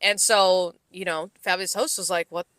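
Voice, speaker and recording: A woman's voice: on the low side, moderate pace, dry recording, studio quality. A woman co-hosting a podcast, telling a work story in casual chat and swearing freely. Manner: animated storytelling with frequent swearing. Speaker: podcast co-host.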